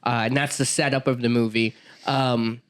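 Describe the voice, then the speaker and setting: A young man co-hosting a casual podcast, talking loosely with plenty of "uh" and "like" as he recaps a plot. His pitch sits mid-range for a man, and he laughs easily and swears freely. The talk is relaxed and chatty. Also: normal speed, clear, resonant tone. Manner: rambling, filler-heavy, laughs often. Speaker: podcast co-host. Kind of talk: casual chat.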